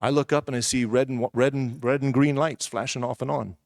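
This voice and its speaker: A man preaching in a church, sharing his own story in a candid, conversational way and tossing in asides to the congregation. His voice sits at a middle pitch, and the recording is dry and close, with little room sound. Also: fairly even intonation, fairly quick, vocal fry, a little mellow, dry recording. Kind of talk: personal testimony sermon.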